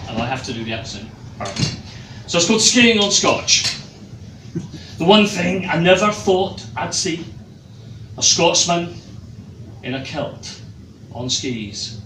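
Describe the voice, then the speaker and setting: Slow, dry-voiced man reading comic poems. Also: mid-range voice. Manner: dry, measured delivery with hesitant fillers. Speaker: guest author and poet. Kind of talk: live comic poetry reading. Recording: echoey room, far mic, noisy.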